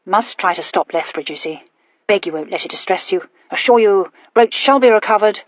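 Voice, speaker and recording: A woman voicing a fussy, punctilious gentleman who talks in clipped, breathless phrases that drop their words. The recording is dull and dry. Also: medium pitch, brisk, no room sound, lightly acted. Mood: flustered.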